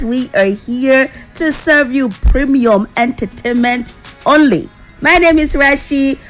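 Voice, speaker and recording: A Nigerian woman hosting a radio show with lively, teasing banter, in a radio studio. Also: high voice. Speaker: radio host.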